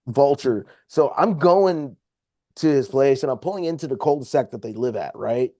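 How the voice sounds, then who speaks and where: A man's voice: medium pitch, moderate pace, mellow, no echo. Podcast guest, male, heated and profane storyteller, dry close-miked sound. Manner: profane, heated retelling of a confrontation. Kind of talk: casual storytelling. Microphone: podcast microphone.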